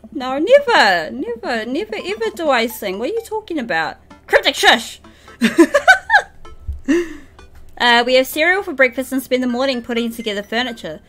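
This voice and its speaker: A young woman from New Zealand streams a game live in a fairly high, fairly bright voice. Giggly and chatty with viewers, she reads the game's dialogue aloud in a playful voice and laughs often.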